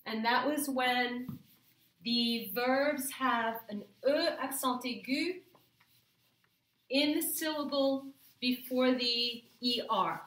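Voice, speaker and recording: A woman walks her students through a grammar lesson, slow and patient, often checking whether they follow. Her voice sits a little high and sounds bright. The room around her is echoey. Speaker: French teacher.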